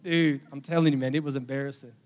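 A young adult man preaching a sermon, telling a personal story with emotion, his voice dropping to a hush and then rising loud. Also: medium pitch, steady tone, fast talker. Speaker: pastor. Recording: long hall reverb with faint music. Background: faint music.

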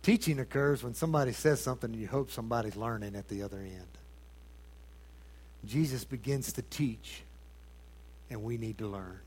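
A man preaching a sermon, asking his congregation rhetorical questions and swinging between loud emphasis and hushed tones. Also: mid-range voice, normal speed, long pauses, slightly rough.

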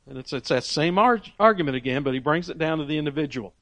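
A man's voice: on the high side, quick pace, few pauses, no echo. Emphatic preacher man, dry close sound. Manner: emphatic, swings between loud and soft, frequent restarts. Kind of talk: sermon.

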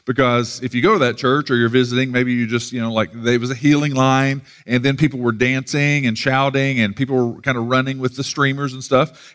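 A man preaching as a pastor, telling a personal story in a rambling way with many fillers, lively when he quotes others. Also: mid-range voice, moderate pace, in a large hall. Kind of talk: sermon storytelling.

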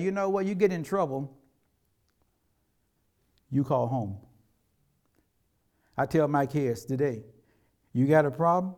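A middle-aged man preaching a sermon as a pastor, in a conversational way, acting out quotes from everyday life. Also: high-pitched.

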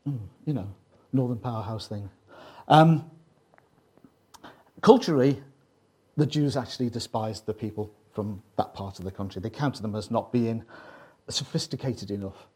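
A man with a Liverpool Scouse accent preaching to a congregation, his voice a little husky and grainy. He talks casually, with jokes and side remarks thrown in, in a middle-range voice. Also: mid-range voice, mellow. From Liverpool, England. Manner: joking, conversational, lots of asides. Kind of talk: sermon with jokes.

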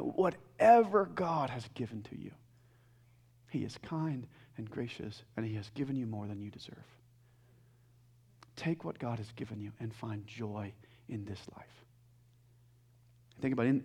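A young adult man preaching a sermon, earnest and emphatic, swinging between loud peaks and soft quiet stretches, with frequent restarts. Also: on the high side. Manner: repeats and restarts words. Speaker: pastor.

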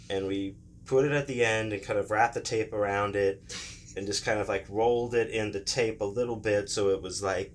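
A man's voice: lowish voice, fairly bright tone, slight background noise. A young man casually telling a profane story, loosely acting out the voices of the people in it.

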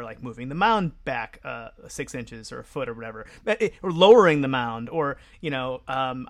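A man's voice: medium pitch, fairly bright tone. A man in casual sports chat, agreeing and musing with many hesitations.

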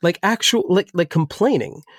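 A man who grew up in New Jersey and serves as a pastor, talking through ideas in a casual, rambling way full of restarts. His voice sits a little high and still sounds slightly weak. The sound is close and dry, with no room echo. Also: lively intonation, normal speed. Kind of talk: casual discussion.

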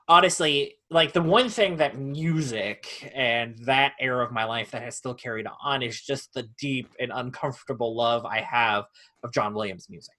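A young man co-hosts a podcast and tells stories with animated energy, laughing often and restarting his phrases. His voice has a bright, forward tone at a middle pitch. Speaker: podcast co-host. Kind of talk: casual storytelling chat.

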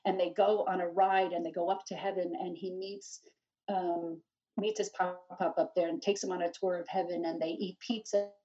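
A woman's voice: on the low side, flat delivery, normal speed, warm tone. A woman guest giving an earnest personal testimony, with frequent restarts. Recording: dull, slightly distant recording.

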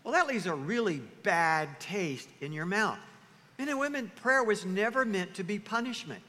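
A pastor preaches in a lively, animated way, acting out the voices of churchgoers. His voice is high and bright, and it rings with a long hall reverb. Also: normal speed. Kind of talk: sermon.

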